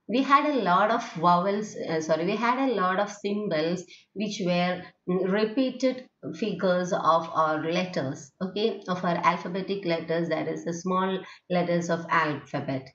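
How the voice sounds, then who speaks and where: A woman's voice: mid-range voice, a bit bright. Hesitant woman teaching in a roomy space. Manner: hesitant, many fillers and restarts, checks in with "okay?". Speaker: English teacher. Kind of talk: recorded lecture. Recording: dull, lo-fi, roomy recording.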